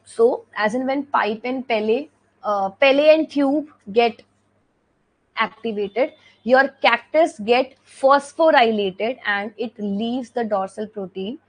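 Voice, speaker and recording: Taking her time, a woman with a fairly high voice and an Indian English accent teaches an exam revision lecture over a rough recording. She explains step by step, restates key points, and frequently pauses to check with "okay."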